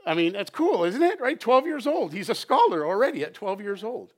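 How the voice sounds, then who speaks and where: A man preaching a conversational sermon at a church service, animated and chatty, often checking in with "right?". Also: high-pitched, a little fast. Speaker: pastor.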